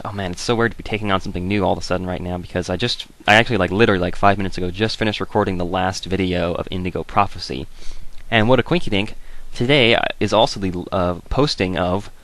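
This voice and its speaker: A man hosts a relaxed let's-play, rambling and thinking out loud as he plays, dropping wry asides along the way. His voice is low and a bit bright.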